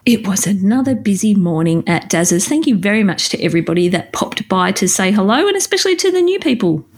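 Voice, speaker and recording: A woman's voice: medium pitch, sing-song, quick pace, a little mellow. A woman co-hosting a podcast, reading out listener messages with playful, teasing remarks. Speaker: podcast co-host.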